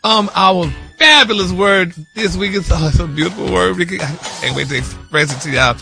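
Man, radio show regular, high and showy, laughs his way through words. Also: brisk, gravelly, bright, forceful tone, faint music behind. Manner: flamboyant, laughing, struggles over pronunciation. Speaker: morning show word-of-the-week regular. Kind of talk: comic radio banter.

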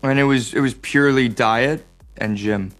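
A young adult man with an American accent, chatting as an interview guest, animated and joking with many fillers and restarts. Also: medium pitch, normal speed, faint music behind. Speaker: actor guest. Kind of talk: casual interview chat.

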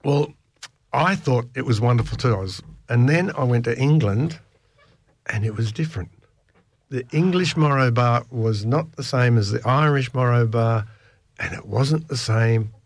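A man's voice: mid-range voice, moderate pace, no room sound. A man, hosting a casual radio chat, telling stories and laughing often. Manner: chatty storyteller, laughs often.

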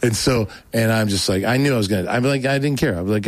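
A man's voice: fairly low pitch, brisk, dry recording. Man rambling through a testimony, dry sound. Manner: rambling, animated storytelling with many restarts. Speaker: guest telling his conversion story. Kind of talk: casual spoken testimony.

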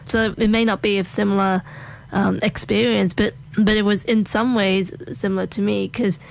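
An Australian woman with an Australian accent, hosting a casual interview in a relaxed and friendly way. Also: mid-range voice, moderate pace, creaky. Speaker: host.

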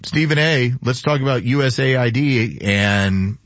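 A man's voice: mid-range voice, unhurried, a bit bright, no room sound, highs cut off. A man hosting a radio sports show, chatting with a co-host and reading the sports headlines. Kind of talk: casual radio chat and read sports headlines.

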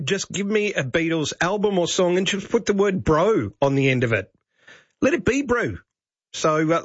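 A man's voice: fairly high pitch, fairly bright tone, no echo. Male radio host, chatty and joking, dry close mic, lo-fi sound. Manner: chatty, joking, with frequent uh fillers. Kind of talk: talk radio presenting. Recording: dull, lo-fi radio broadcast.

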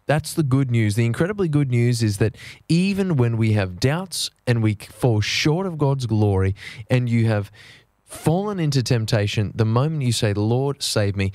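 Male preacher, mid-pitched, earnest sermon delivery with slow emphatic phrases, dry close recording. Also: a little mellow, no room sound. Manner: earnest, slowing down to stress key phrases.

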